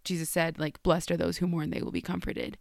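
A woman's voice: deep voice, a little fast, gravelly, a little mellow, no room sound, studio quality. A young woman co-hosting a faith podcast, speaking reflectively with many small fillers. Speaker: podcast co-host. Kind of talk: casual faith chat.

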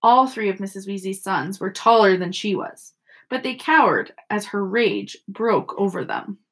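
A woman teacher reading a novel aloud to children, expressive and storytelling. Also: mid-range voice, a little slow. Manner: expressive storytelling with character voices.

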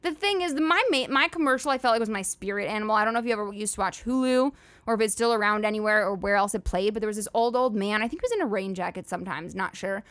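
A woman's voice: mid-range voice, animated, fast, fairly bright tone, dry recording. A young woman hosting a solo comedy podcast, ranting in a chatty, sarcastic, profane way full of "like" fillers. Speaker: podcast host.

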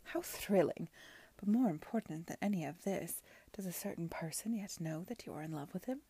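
A woman's voice: on the low side, lively intonation, normal speed, warm tone, slightly rough, dry recording. A woman reading aloud, voicing a flamboyant aristocratic lady who is gossipy and imperious. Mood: confiding. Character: flamboyant aristocratic society lady, worldly and teasing.

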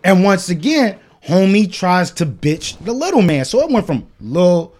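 Male podcast host, casual storyteller, profane, very expressive pitch. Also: moderate pace. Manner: animated, profane storytelling, acting out the other people's lines.

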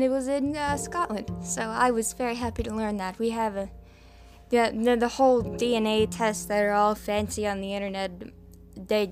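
A young woman hosting a podcast, rambling through the news in a casual, swearing, filler-heavy way. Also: a little high. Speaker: podcast host.

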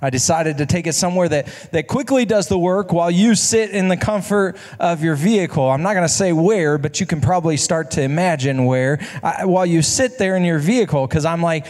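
A man with a high voice tells a story as part of a sermon, in a chatty way full of restarts and asides to the listeners. His words ring out with the long reverb of a large hall. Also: fairly quick, hardly any pauses, a little mellow. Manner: conversational, self-correcting, rhetorical asides.

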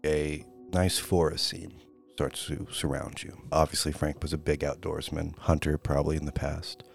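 A man's voice: a bass voice, little pitch movement, creaky, faint music behind. A man narrating and playing characters in a tabletop role-playing game, rambling with many fillers. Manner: rambling, fillers, switches into quick character voices. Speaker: player and narrator.

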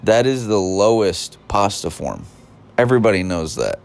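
A man's voice: lowish voice, sing-song, normal speed, gravelly. A man delivering a rambling, scornful comedic rant, often breaking off and restarting his sentences. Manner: rambling, self-interrupting, scornful.

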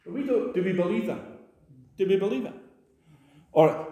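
A man's voice: lively intonation, normal speed, mellow, reverberant. A man preaching a sermon in a church, emphatic and rousing. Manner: emphatic, rousing, jumps high for stress.

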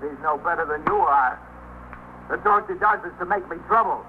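A man's voice: fairly high pitch, moderate pace, lightly acted. An actor playing an unstable, paranoid man barricaded with a gun, ranting and threatening in 1950s radio drama style. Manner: agitated, repetitive, swings between threats and self-pity. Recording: tinny old radio broadcast with faint hiss.

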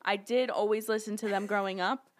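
A woman's voice: medium pitch, steady tone, brisk. A young woman co-hosting a podcast in casual chat, chatty and giggly, rambling with plenty of fillers. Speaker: podcast co-host.

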